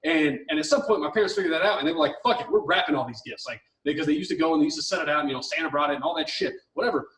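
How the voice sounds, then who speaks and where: A man's voice: fairly high pitch, racing, few pauses, a bit bright, reverberant, distant mic, low-quality recording. A man co-hosting an advice podcast, ranting heatedly with lots of swearing and mocking impressions of the people he talks about. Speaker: podcast co-host.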